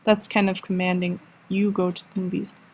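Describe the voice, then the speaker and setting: A woman teacher giving a recorded lesson, patiently explaining and slowing down for example sentences. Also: mid-range voice, flat delivery, darkish tone. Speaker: language teacher.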